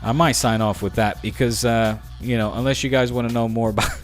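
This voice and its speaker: A man's voice: mid-range voice, fairly even intonation, fairly quick, faint music behind. A man hosting a podcast, wrapping up in a playful, rambling, upbeat way. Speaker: podcast host. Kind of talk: casual podcast sign-off.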